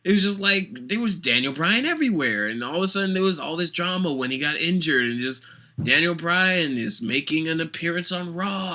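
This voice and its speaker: A sarcastic wrestling vlogger in full rant mode, with a bright, sharp tone and a voice that swings all over its range. The delivery is mocking and opinionated, in an animated, talky style. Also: mid-range voice, a little fast. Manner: sarcastic, animated, mocks fans with put-on voices. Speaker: wrestling commentator.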